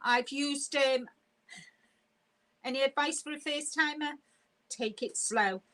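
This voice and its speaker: A woman hosting a casual live stream, chatty and quick to laugh as she reads viewer comments aloud. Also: high-pitched, bright, forceful tone, low-quality recording.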